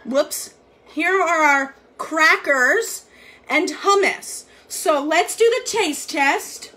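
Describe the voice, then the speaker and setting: A woman's voice: sits high, sharp tone. A woman hosting a live cooking demo, chatty and upbeat, talking to viewers while she cooks and tastes. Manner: chatty, upbeat, eats and talks at once. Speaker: cooking show host. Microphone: live stream from a kitchen.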